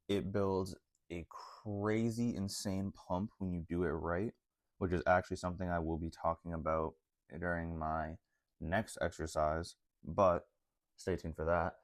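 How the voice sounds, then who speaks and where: A man's voice: low-pitched, dry recording, clean studio sound. A man vlogging about fitness in a casual, slangy way, full of "like" and "honestly.". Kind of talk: casual talk to camera.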